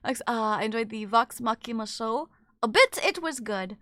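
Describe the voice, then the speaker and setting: A woman's voice: a little high, animated, fairly quick, pushed and bright, dry recording. A woman streamer in casual chat, reading viewer messages aloud and often trailing off with filler. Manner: chatty, filler-heavy, trailing off with "I don't know". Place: in bed at home.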